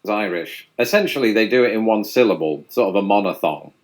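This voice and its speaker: A man with a fairly low voice narrates a scripted explainer in a dry, self-deprecating tone. He speaks as a presenter addressing his viewers directly. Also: expressive, brisk. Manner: wry, self-deprecating humor. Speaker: YouTube presenter.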